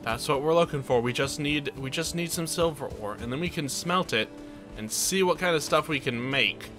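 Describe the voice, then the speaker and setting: A man's voice: a little high, moderate pace, music in the background. A man giving playful, chatty let's play commentary as he tours his game base, joking at his own expense. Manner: playful, chatty and self-mocking. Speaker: gaming channel host.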